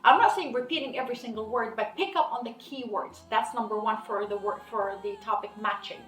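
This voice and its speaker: A woman's voice: on the high side, brisk, a bit bright, far from the mic. A woman hypnotherapist giving an informal video lesson, talking animatedly, acting out client conversations and repeating her key points. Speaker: hypnotherapist teaching a technique. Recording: roomy echo, off-mic, faint music.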